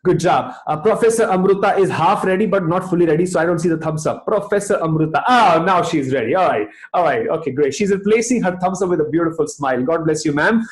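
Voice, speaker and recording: A man's voice: on the high side, expressive, quick pace, few pauses, roomy sound. A man giving an emphatic motivational talk to an online audience, repeating phrases for effect. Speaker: motivational speaker.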